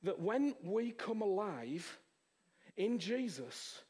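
A man preaching a sermon. He is impassioned and keeps asking the audience rhetorical questions, swinging between hushed near-whispers and loud exclaiming. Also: high-pitched, animated, moderate pace.

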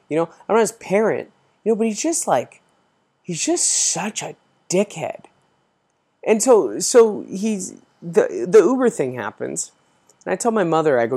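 A man's voice: a little high, lively intonation, normal speed, darkish tone, breathy edge. A man in his thirties hosting a podcast, telling an exasperated story in a casual, profane ranting way. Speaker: podcast host.

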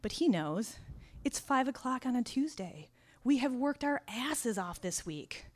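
A woman telling a personal story out loud, dry and wry, turning raw and intense as it goes. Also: a little high, very animated, a little slow. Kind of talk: first-person spoken storytelling.

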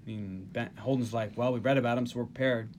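A man's voice: mid-range voice, fairly even intonation, fast talker, a little mellow, a little hiss or hum. A man from the Northeast US hosting a casual podcast, animatedly retelling movie scenes. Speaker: podcast host. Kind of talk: casual movie recap chat.

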